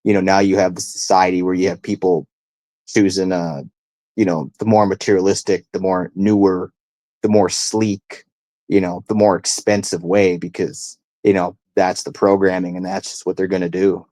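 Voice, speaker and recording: Man, deep voice, podcast co-host, hesitant casual talk, dry sound. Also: little pitch movement, dark tone, dry recording. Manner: halting, hesitant. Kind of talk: casual chat.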